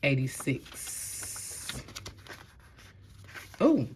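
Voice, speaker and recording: A woman doing a casual tarot reading to camera, talking bluntly in slang and swearing freely, moving between calm stretches and loud outbursts. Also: a bass voice, very slow, a little hiss or hum. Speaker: tarot reader.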